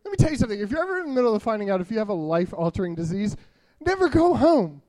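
A man's voice: high voice, very animated, rapid-fire, darkish tone. A man in his early thirties telling a rambling, self-deprecating stand-up story, full of filler uhs. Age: 30s. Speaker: stand-up comedian.

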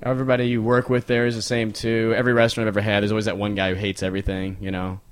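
A man's voice: on the low side, rapid-fire, smooth. A man performing a stand-up comedy set, acting out people around him in shifting voices. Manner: animated, acts out characters in shifting voices.

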